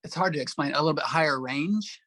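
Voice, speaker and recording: A man from Arkansas with a Southern accent, answering interview questions in a halting way with many pauses and fillers. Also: a little high, pushed and bright, no room sound. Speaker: actor, interview guest.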